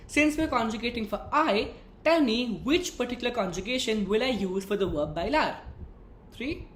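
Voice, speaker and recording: A woman's voice: fairly high pitch, slight background noise. A woman teaching a lesson in a patient, explanatory way, repeating key points and quizzing the listener as she goes. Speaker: Spanish teacher. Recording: echoey room with faint ambience.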